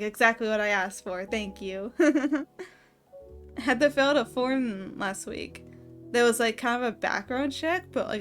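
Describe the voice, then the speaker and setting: A woman streamer chats casually late at night, rambling and breaking into giggles. Her voice sits a bit high. Quiet music plays underneath. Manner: giggly and rambling, laughing often.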